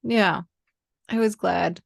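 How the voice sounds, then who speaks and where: A woman co-hosting a casual podcast chat, laid-back and quick to agree. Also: medium pitch, vocal fry, no room sound, clean studio sound. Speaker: podcast co-host.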